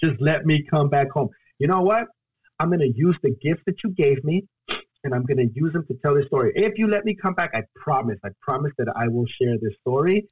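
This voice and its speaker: A young man from Guatemala, a storyteller and solo performer, telling his own story as a podcast guest in an earnest, halting way. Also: on the high side, lively intonation, slightly rough, no room sound, phone-quality sound. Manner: earnest, halting, acts out his own past pleas and quotes. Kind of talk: emotional personal storytelling in a podcast interview.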